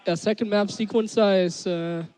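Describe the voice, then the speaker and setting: A man's voice: high-pitched, fairly even intonation, normal speed, darkish tone, clear, resonant tone. A man, a pro gamer guest, giving hesitant casual answers with many fillers.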